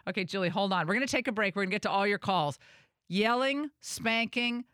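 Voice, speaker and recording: A woman hosting a radio talk show, chatting in a casual, animated way with quick asides and restarts. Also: medium pitch, clear, resonant tone, no echo, studio quality.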